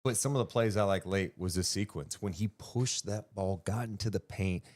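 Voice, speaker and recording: A man co-hosting a basketball podcast, talking through a game in animated, casual chat. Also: low voice, normal speed. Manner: animated, swings up when excited, swears casually.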